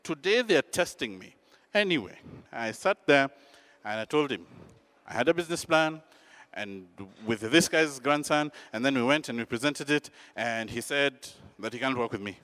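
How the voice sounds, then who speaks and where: A man telling a personal story in an animated, dramatic, self-mocking way. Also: medium pitch, normal speed, dry recording.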